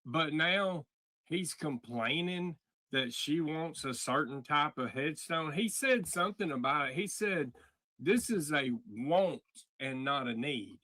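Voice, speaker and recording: A man's voice: a little high, animated, slow, sharp tone, dry recording. A man hosting a livestream, talking bluntly and heatedly with plenty of swearing. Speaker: livestream host. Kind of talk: casual livestream commentary.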